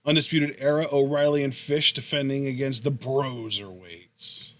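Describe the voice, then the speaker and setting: A man's voice: mid-range voice, steady tone, normal speed. A young man hosting a podcast in casual chat, rambling through long questions. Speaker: podcast host.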